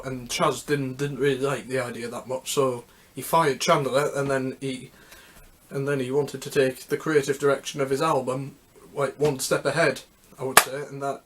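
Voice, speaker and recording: Guy rambling about music history, mid pitch, lots of stops and restarts, super casual. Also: fairly bright tone, a little hiss or hum. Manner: rambling, halting, with many restarts. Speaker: music history video host. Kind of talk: casual unscripted talk.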